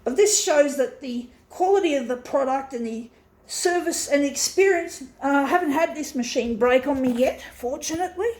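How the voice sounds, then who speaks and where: A woman vlogger swears and sighs in exasperation during an angry rant to her camera, speaking in a high, slightly mellow voice at a moderate pace. She is recorded indoors beside an office copier on a camera mic placed nearby, and the recording is rough.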